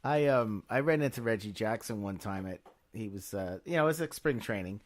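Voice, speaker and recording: Male co-host, lively up-and-down delivery, teasing banter. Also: lowish voice, a little fast. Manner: joking, teasing, animated storytelling. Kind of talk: casual studio chat.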